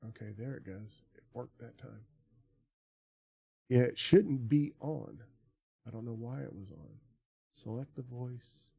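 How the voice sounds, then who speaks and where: A man's voice: medium pitch, animated, a little slow, creaky, pauses often, dark tone, slightly rough. A man chatting casually on his live stream, swearing and leaning into conspiratorial asides.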